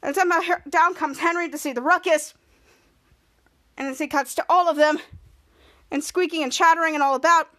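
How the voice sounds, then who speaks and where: Very high-voiced woman recapping a show. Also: fairly even intonation, a little fast, long pauses, a bit bright. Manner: rambling, repeats "cut to". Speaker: podcast host. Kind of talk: casual TV episode recap.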